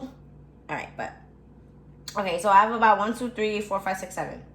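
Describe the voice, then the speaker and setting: Swearing, complaining dramatically and addressing her viewers, a young vlogger cooks in her home kitchen. Her mid-range voice is animated, moving at a moderate pace with frequent pauses. There's room echo and faint background noise on the recording.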